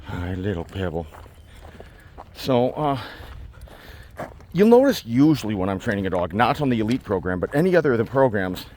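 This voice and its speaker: A man working as a dog trainer, explaining his methods while out in a forest and often slipping into high baby talk with the dog. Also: big pitch swings, moderate pace, long pauses, a little mellow, a little hiss or hum. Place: outdoors in a state forest.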